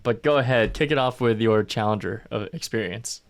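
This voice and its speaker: A man co-hosting a casual podcast, talking in a relaxed, easygoing way with plenty of fillers. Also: fairly low pitch, fairly quick. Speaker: podcast co-host.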